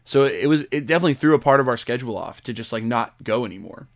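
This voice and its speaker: A man co-hosting a casual podcast, excitable and quick to act out his own loud reactions. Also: mid-range voice. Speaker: podcast co-host.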